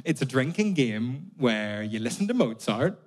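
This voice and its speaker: A man voicing an earnest young English woman student, speaking slowly and keenly, with an audience laughing. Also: mid-range voice, very animated, a little mellow. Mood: eager. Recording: live audience laughter in a venue.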